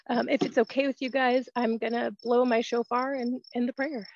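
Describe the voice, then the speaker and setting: A woman's voice: a little high, little pitch movement, normal speed, few pauses, dry recording, dull audio. A woman giving a fervent, emotional testimony and prayer over a video call. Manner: fervent, emotional, praying aloud. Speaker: prayer group participant.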